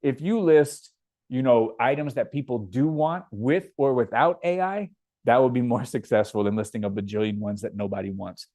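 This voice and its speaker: A man's voice: mid-range voice, normal speed, warm tone, no room sound. A man from Indiana, hosting a casual live Q&A and reading viewer comments aloud before answering them. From Indiana, USA. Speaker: livestream host.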